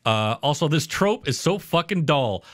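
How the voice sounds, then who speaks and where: A man's voice: fairly high pitch, big pitch swings, normal speed. A man co-hosting a podcast, casually reviewing a TV episode in a blunt, profane, rambling way. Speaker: podcast co-host.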